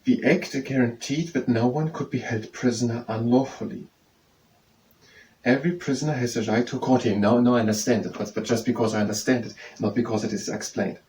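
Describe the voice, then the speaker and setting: Male tutor, mellow dark voice, slow repetitive explaining, slightly distant mic with faint noise. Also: medium pitch, fairly even intonation. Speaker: study tutor. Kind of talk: explaining lesson with yoga breaks.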